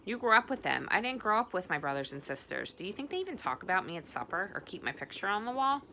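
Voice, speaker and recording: A woman's voice: medium pitch, sing-song, quick pace, sharp tone, a little hiss or hum. A woman reading the lines of an agitated, anxious teenage girl. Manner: agitated, pleading.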